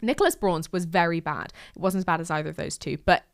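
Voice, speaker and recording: Posh english woman rambling on her podcast, kinda low voice, very dry close sound, frank and self-deprecating. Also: quick pace, creaky, no room sound. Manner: chatty, frank and self-deprecating, with lots of restarts. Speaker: podcast host. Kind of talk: casual diary-style monologue.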